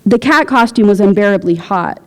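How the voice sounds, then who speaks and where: A woman reading her own fiction aloud at a university, with a wry, deadpan delivery. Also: mid-range voice, a little fast, in a large hall. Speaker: visiting writer. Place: university lecture hall.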